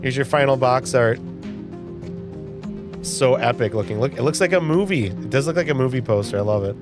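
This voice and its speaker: A man's voice: medium pitch, fairly quick, over music. A man in his forties hosting a live stream, playfully reacting to viewer comments in casual chat. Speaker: livestream host.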